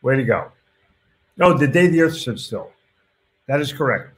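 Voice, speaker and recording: A male host with a voice of ordinary pitch, chatting casually on a live stream. He reads viewer comments aloud and reacts bluntly, dropping in the odd swear word. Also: expressive, normal speed, long pauses, fairly bright tone.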